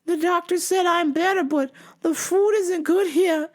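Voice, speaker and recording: A woman's voice: very high-pitched, unhurried, voice pushed up. A woman doing a rambling confused old lady. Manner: rambling, repetitive. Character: confused elderly woman caller.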